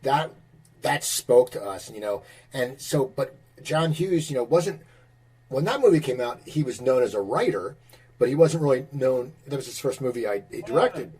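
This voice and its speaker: Eager husky-voiced host, sixties. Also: male voice, medium pitch, lively intonation, normal speed, a little mellow, low-quality recording. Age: 60s. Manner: eager, with many false starts and restarts. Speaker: podcast host. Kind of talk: interview questions.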